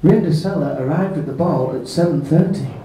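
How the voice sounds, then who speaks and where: A male comedian with a slightly high voice telling a rude fairy tale packed with spoonerisms. His delivery is deadpan and matter-of-fact. The sound is roomy and distant, as if caught by a camera across a pub. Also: fairly quick, slight background noise. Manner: deadpan comic narration with self-corrections. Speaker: stand-up comedian. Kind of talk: bawdy spoonerism storytelling. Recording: echoey pub from far off.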